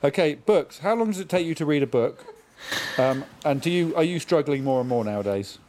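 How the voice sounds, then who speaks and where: A man's voice: fairly high pitch, expressive, a little fast, over music. A man hosting a casual chat, asking questions in a dry, teasing way, recorded from his own home. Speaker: host.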